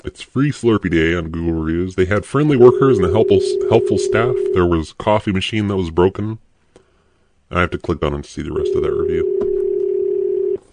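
A man live-streaming prank calls with his voice pitched down by a voice changer, talking crudely and mocking as he reads the chat. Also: normal speed, heavy background noise. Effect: pitch-lowering voice changer. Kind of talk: prank-call livestream chat.

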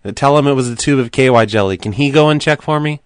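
A man making prank phone calls, keeping an innocent, deadpan tone while needling the people he calls. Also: mid-range voice, quick pace, clean tone, dry recording. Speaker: prank caller.

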